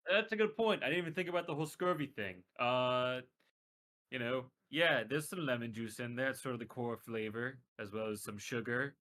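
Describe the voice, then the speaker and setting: A bright-toned man in a tabletop game, easygoing and a little hesitant as he answers. His pitch sits in the middle range. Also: moderate pace. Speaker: player.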